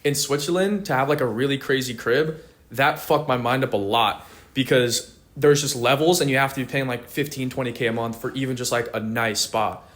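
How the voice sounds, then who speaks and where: A man's voice: medium pitch, a little fast, a bit bright. An eighteen-year-old man, a podcast guest, chatting casually in slang with lots of swearing and fillers. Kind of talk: casual chat.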